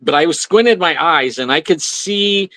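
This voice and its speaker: A man's voice: fairly high pitch, expressive, moderate pace, sharp tone, no room sound. Man, guest on talk radio, rambling storyteller, fillers and restarts, dry close mic. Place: radio studio.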